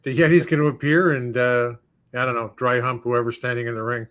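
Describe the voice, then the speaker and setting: A man co-hosting a podcast in casual chat, making dry, deadpan jokes between hesitant fillers. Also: mid-range voice, a little fast, clear, resonant tone. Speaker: podcast co-host.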